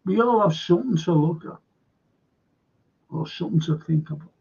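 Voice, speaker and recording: A man hosting a live-streamed show, telling a rambling story in a halting way and repeating words for emphasis. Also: high-pitched, creaky, a little mellow, breathy edge, highs cut off. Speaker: host of a live-streamed current affairs show. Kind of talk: casual rambling storytelling to viewers.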